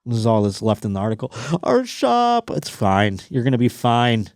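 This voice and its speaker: A man hosting a podcast in casual comedic chat, crude and animated, swearing constantly and mocking the stories he reads. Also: on the low side, a little fast, no room sound, clean studio sound. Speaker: podcast host.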